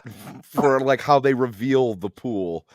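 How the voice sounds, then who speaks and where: A man's voice: medium pitch, unhurried, crowd noise. A man in a casual group movie chat over a call, thoughtfully pointing out film details.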